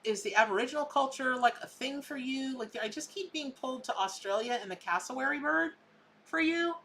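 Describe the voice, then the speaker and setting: A woman's voice: high-pitched, fairly quick, fairly bright tone, slight background noise. A woman, hosting a live tarot reading in a chatty, emphatic way. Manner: chatty and emphatic, repeats words for effect. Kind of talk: casual live psychic reading.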